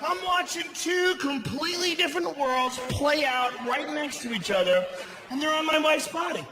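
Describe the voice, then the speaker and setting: A middle-aged man performing a loud, profane stand-up comedy routine, often shouting, before a laughing audience in a venue. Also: very high voice, normal speed. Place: large indoor comedy venue. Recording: echoey live venue with audience noise.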